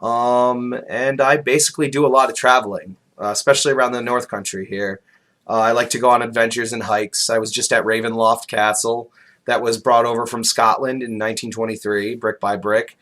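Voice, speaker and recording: A man's voice: mid-range voice, fairly even intonation, a little fast, fairly bright tone. Hesitant, modest male podcast guest. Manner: modest and hesitant, many ums and uhs. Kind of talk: casual podcast chat.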